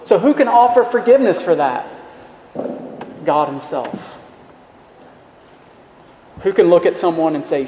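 A man's voice: sits high, expressive, unhurried, pauses often, warm tone. A man preaching a sermon in an earnest voice, asking rhetorical questions and repeating his words. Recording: echoey hall, faint room noise.

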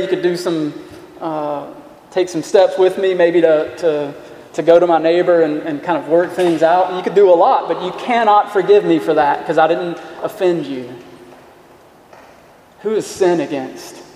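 A man's voice: sits high, darkish tone. A man preaching a sermon in an earnest voice, asking rhetorical questions and repeating his words. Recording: echoey hall, faint room noise.

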